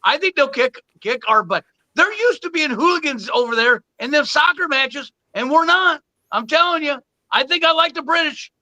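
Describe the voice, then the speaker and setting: Male podcast co-host, very high and bright, halting and laid-back. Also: expressive, rough recording. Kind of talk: casual sports podcast chat.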